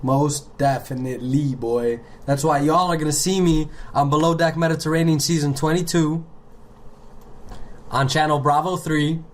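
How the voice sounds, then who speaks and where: A man co-hosting a casual podcast, trading sarcastic jokes and deadpan riffs. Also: a little high, moderate pace. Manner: joking, sarcastic quips. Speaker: podcast co-host. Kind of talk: casual chat.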